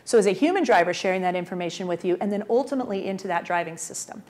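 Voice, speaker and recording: Energetic woman giving a conference talk. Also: mid-range voice, very fast. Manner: energetic, uses rhetorical questions. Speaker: conference speaker, transportation official. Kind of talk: conference presentation.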